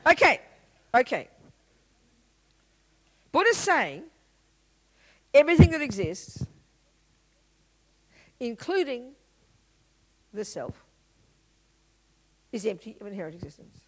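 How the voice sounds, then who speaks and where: A woman's voice: high voice, poor audio. A woman giving a Buddhist teaching talk, blunt and emphatic, full of rhetorical questions. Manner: blunt and lively explaining.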